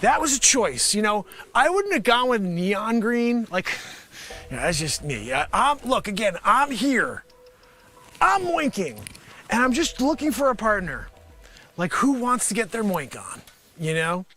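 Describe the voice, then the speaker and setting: A man doing an improvised comedy monologue, rambling and animated, sometimes shouting. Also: sits high, a little slow. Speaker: comedian host. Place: home studio with green screen.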